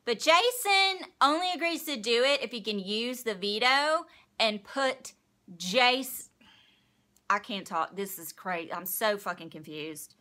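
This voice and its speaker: A woman's voice: a little high, bright, forceful tone. A young woman hosting a casual recap vlog, talking in a sarcastic, exasperated way and swearing freely. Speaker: vlog host recapping a reality show.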